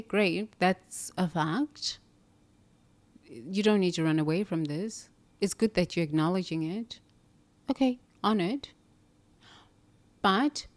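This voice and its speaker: A woman speaks in an earnest, coaching way in a reflective self-help monologue. She poses questions and answers them herself, steady and sincere. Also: lowish voice.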